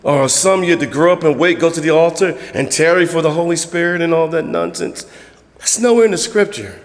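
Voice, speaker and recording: A man preaching a conversational sermon as pastor, acting out church members in quick voices. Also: fairly high pitch, in a large hall.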